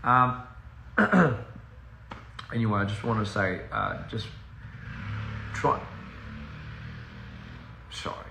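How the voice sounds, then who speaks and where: Speaking slowly with vocal fry and frequent pauses, this man's fairly low voice is animated as he talks to his livestream audience from home on a phone. A recording artist, he wanders off topic, laughs a lot, and drops in Korean and other languages, against a roomy, noisy background.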